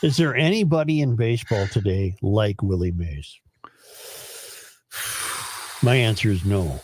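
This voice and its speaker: A man's voice: lowish voice, expressive, a little slow, a little mellow, slightly rough, no room sound, clean studio sound. A man hosting a casual talk radio show, rambling through stories and chuckling often.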